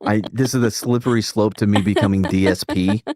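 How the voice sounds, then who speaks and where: A man runs a casual live stream, rambling profanely with many restarts and self-interruptions. His lowish voice is a little mellow and fairly even in intonation, and he moves briskly. The recording is dry and clean, studio quality.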